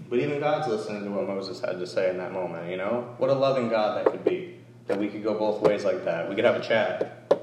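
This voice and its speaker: A man's voice: lowish voice, a little fast. Man preaching in an echoey church. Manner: conversational, animated storytelling with asides. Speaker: church lay speaker. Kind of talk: informal sermon. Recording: echoey room, distant mic, faint noise.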